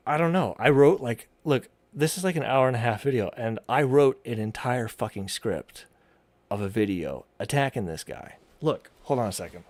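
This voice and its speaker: A man's voice: mid-range voice, expressive, moderate pace, dry recording. A man streamer giving casual, profane commentary on a video, rambling with frequent restarts and asides.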